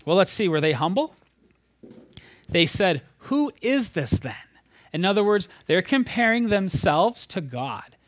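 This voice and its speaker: A man preaching a sermon, retelling a scripture story in a conversational, animated way, sometimes dropping almost to a whisper. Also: high voice, unhurried, no echo.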